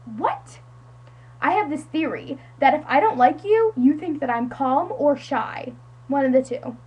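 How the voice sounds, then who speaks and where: A woman's voice: high voice, normal speed, dull audio. A teenage girl from the United States telling a friend a story in a casual, dramatic, self-mocking way, full of "like". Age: teens. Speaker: vlogger.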